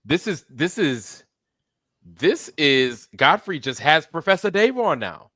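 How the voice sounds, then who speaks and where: A man hosting a livestream, talking in a relaxed, chatty, slangy way. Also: on the high side, slow pace, no echo, studio quality. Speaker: livestream host. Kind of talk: casual show talk.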